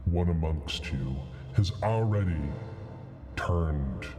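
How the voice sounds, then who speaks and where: A man's voice: deep voice, animated, over music, pitched below the performer's own voice. A man voicing a sinister disembodied voice that whispers cold, commanding pronouncements in a tabletop game. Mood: ominous. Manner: slow, ominous pronouncements.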